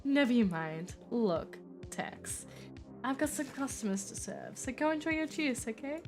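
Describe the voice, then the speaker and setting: A woman's voice: fairly high pitch, big pitch swings, measured pace, darkish tone, soft background music. A woman voicing a cool, sly female vampire bartender with a dry, teasing manner.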